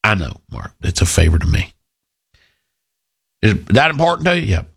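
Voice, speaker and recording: A man holds forth on talk radio, rambling through a self-deprecating story. His voice sits low and a little husky. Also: huge pitch swings, normal speed. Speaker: radio talk show host. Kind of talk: casual talk radio monologue.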